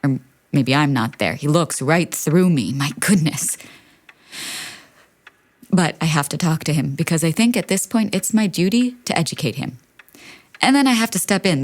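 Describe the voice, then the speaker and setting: In a studio recording, a woman with a low voice performs a staged monologue reading from a play. Her manner is wry and anxious, and she moves between brisk lists and soft, confessional passages.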